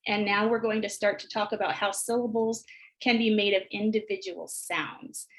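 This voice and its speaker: A woman presenting a teacher training session, calmly explaining early literacy activities and modeling phrases slowly as if for young children. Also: medium pitch, low-quality recording. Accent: American. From United States. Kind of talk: instructional webinar walkthrough.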